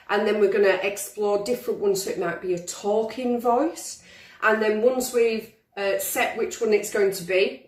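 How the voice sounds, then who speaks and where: A woman's voice: mid-range voice, far from the mic. Encouraging woman teacher, roomy. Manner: encouraging, demonstrating many voices. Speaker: drama teacher. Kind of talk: instructional video for pupils. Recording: roomy, from the mic.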